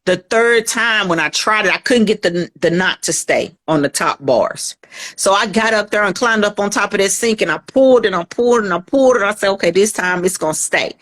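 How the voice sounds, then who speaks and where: A woman's voice: medium pitch, a little fast, fairly bright tone. Woman telling her life story. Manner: earnest storytelling, acts out quoted voices. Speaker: guest. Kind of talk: personal testimony in a podcast interview.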